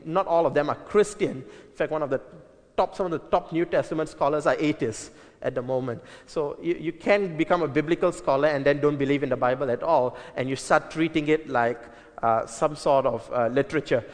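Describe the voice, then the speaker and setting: Preacher guy teaching a bible sermon, kinda high voice, lots of uh and restarts, big echoey hall. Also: fairly quick. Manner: earnest, emphatic, with frequent fillers and restarts.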